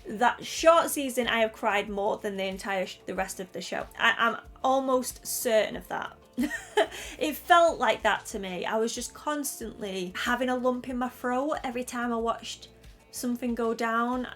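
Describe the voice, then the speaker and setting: A woman's voice: on the high side, steady tone, moderate pace, fairly bright tone. Chatty northern English woman, faint music. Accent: northern English, Manchester area. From northern England. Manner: chatty and effusive, laughs often. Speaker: YouTuber reviewing a TV series. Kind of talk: casual chat to camera.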